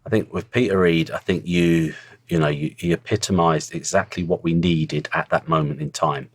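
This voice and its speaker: A man's voice: sits low, fairly even intonation, normal speed, slightly rough, no room sound. A middle-aged man, a former footballer telling stories in a blunt, earthy way as a podcast guest. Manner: blunt, earthy storytelling with swearing. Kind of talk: casual interview chat.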